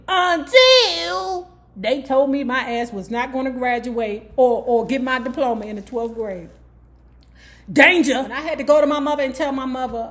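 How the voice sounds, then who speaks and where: Woman, book club vlogger, from Washington D.C., higher pitch, profane storytelling, keeps asking "okay?". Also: lively intonation, normal speed, fairly bright tone. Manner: candid, profane, frequent "okay?" asides. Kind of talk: casual storytelling book review.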